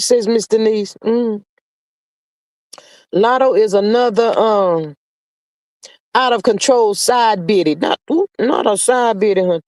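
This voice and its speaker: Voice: mid-range voice, a little slow, a little mellow, dry recording, studio quality. A live stream host in casual gossip chat, reading viewer comments aloud in a sassy, drawling way, sprinkling in "child" and "honey" with sing-song hums.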